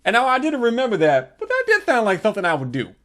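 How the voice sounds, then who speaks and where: Crude animated male comic storyteller. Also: high voice, quick pace. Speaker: comedic storyteller.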